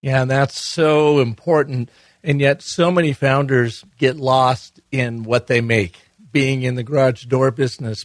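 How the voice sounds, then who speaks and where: Measured man hosting an interview. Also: mid-range voice, no echo. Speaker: podcast host. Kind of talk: interview questions.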